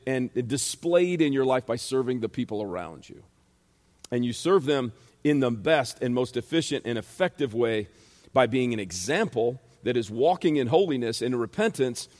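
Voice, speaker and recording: A man's voice: medium pitch, darkish tone. Emphatic preaching man in a reverberant hall. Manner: emphatic, repeats phrases and asks rhetorical questions. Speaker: pastor and Bible teacher. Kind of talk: sermon.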